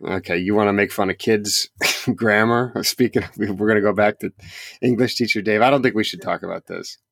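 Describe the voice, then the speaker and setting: A man's voice: lowish voice, fairly quick, creaky, fairly bright tone, no room sound, studio quality. A man co-hosting a podcast, talking in rambling casual chat, laughing often and restarting his sentences. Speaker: podcast co-host.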